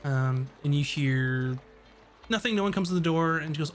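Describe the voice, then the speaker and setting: A man narrating as game master in a tabletop game, relaxed and rambling, with plenty of fillers. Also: on the high side, moderate pace, faint music behind.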